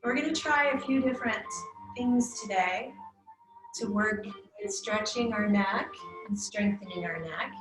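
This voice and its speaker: A woman yoga instructor leading a live chair yoga class, giving slow, soothing cues for breathing and gentle neck movement. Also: mid-range voice. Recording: echoey room with soft music.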